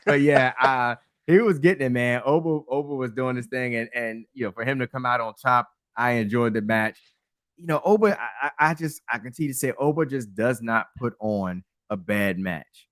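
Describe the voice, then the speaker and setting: A man co-hosting a wrestling review podcast, relaxed and chuckling, talking through matches with lots of fillers. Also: medium pitch, no echo, clean studio sound. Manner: relaxed, laughing, halting with fillers. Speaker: podcast co-host. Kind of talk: casual wrestling review chat.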